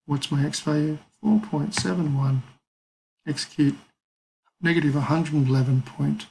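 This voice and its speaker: A man's voice: on the high side, normal speed, vocal fry, noisy background. A man teaching a maths lesson, talking casually through calculator steps and thinking aloud. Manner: casual, thinks aloud with fillers and small apologies.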